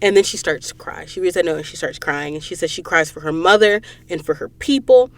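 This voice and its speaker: A woman hosting a podcast and recapping a book in a casual, animated way, acting out the characters' lines while sniffling from allergies. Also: fairly low pitch, brisk. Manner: animated storyteller, acts out quoted lines. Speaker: podcast host. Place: recording booth.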